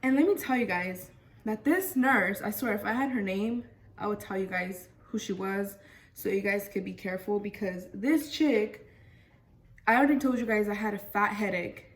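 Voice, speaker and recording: A woman's voice: medium pitch, moderate pace. Young woman rambling thru a storytime, lots of like and freaking, mic kinda far. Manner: chatty, lots of fillers and "freaking". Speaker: vlogger. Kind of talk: casual storytime.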